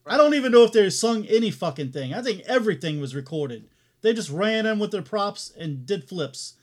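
A man co-hosting a casual podcast chat, laughing often and telling stories in an animated way. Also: high voice, a little fast. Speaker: podcast co-host.

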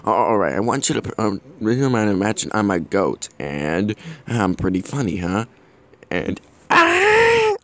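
A man hosting a podcast, giving a deadpan comedy monologue with jokey murmured asides. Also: on the low side, moderate pace. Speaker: podcast host.

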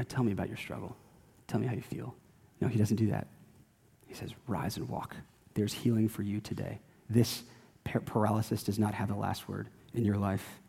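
A man delivering a sermon in a church, his voice low, husky and mellow. He exhorts his congregation earnestly in a fairly flat, steady line. The sound rings with a long hall reverb. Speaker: pastor. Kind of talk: sermon with closing prayer.

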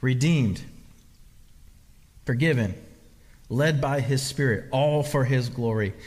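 A man's voice: medium pitch, slow pace, a little mellow. A man preaching a sermon as pastor, emphatic and repetitive, often restarting his phrases. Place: church hall. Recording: long reverb of a large hall.

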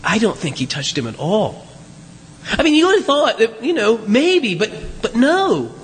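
In a church sanctuary with the long echo of a big hall, a male pastor delivers a chatty sermon packed with rhetorical questions and side remarks to his flock. He speaks very high, with huge swings in pitch, at an unhurried pace. Slight background noise can be heard.

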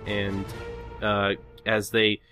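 A man's voice: lowish voice, very slow, soft background music. A man hosting a podcast, casually retelling comic scenes with lots of fillers. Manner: relaxed, filler-heavy retelling. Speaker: podcast host. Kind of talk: casual chat recapping a comic.

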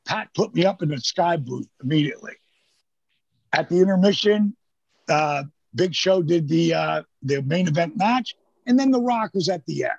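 A man's voice: sits high, creaky, darkish tone, husky, no echo, dull audio. An older man telling rambling, profane anecdotes in casual chat, acting out the lines of the people in his stories. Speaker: storyteller guest.

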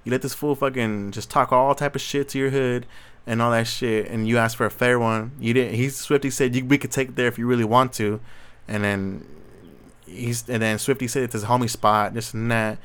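Solo host, male, mid-pitched, swears nonstop in street slang, blunt and worked up. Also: fairly even intonation, moderate pace, fairly bright tone, clear, resonant tone. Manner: profane, heavy street slang. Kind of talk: casual commentary rant.

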